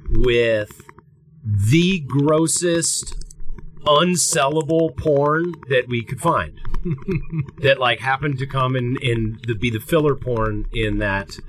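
A man's voice: medium pitch, slight background noise, rough recording. A man co-hosting a podcast, telling a long story in a casual, rambling, profane way and acting out what people said. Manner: rambling, profane, acts out quotes. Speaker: podcast co-host.

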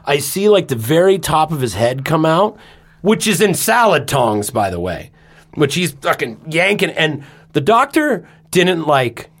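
A man on a podcast telling a personal story in casual chat, animated and swearing freely, acting out his own shouts. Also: on the high side, unhurried. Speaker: podcast co-host.

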